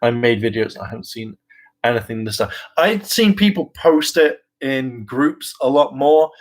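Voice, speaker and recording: A man of ordinary pitch chats loosely to his viewers. He wanders from one thought to the next with plenty of "um"s and "like"s. He mocks himself and swears now and then in an easy, offhand way. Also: animated, normal speed, poor audio. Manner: chatty and self-mocking, with frequent fillers, laughs and mimicked voices; casual swearing. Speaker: vlogger and hopeful actor. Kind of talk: casual rambling commentary.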